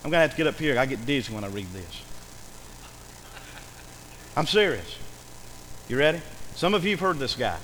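Animated preacher with a bright voice. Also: male voice, mid-range voice, normal speed, long pauses, big-room sound, slight background noise, rough recording. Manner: emphatic, repetitive, swings between loud and hushed. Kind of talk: sermon. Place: church.

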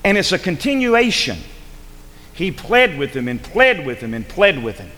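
A man's voice: a little high, sing-song, moderate pace, bright, forceful tone, big-room sound. A male pastor preaching a sermon in a church, urgent and rhetorical, pressing his listeners with repeated questions. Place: church sanctuary.

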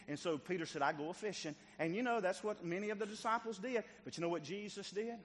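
A man pastor preaching a sermon in a church, acting out the voices of biblical figures and swinging between loud calls and quiet, tender passages. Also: fairly high pitch, fast talker, hardly any pauses, big-room sound, a little hiss or hum. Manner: dramatic preaching, acts out biblical dialogue, swings loud to soft. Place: church sanctuary.

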